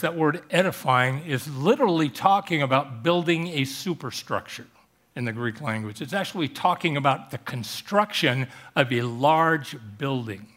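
A male pastor preaching a sermon in church, telling stories and jokes and slowing down on emphatic phrases. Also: medium pitch, a bit bright. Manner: joking, storytelling preacher with emphatic slowed phrases. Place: church service.

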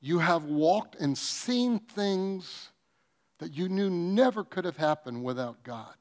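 A man preaching a sermon, telling comic stories with acted-out quotes and swinging between loud bursts and soft, earnest passages. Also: sits high, expressive, slow pace. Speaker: pastor.

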